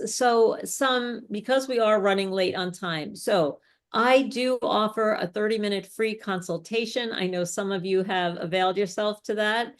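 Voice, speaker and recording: A woman speech coach leading a live online workshop, explaining step by step with chatty asides. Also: medium pitch.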